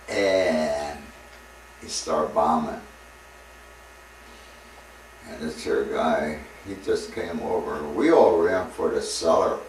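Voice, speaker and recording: Deep-voiced elderly man, distant and echoey. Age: 70s. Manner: rambling storyteller who chuckles between anecdotes. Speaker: war veteran interviewee. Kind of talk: recounting war memories. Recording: echoey room with distant mic and faint noise.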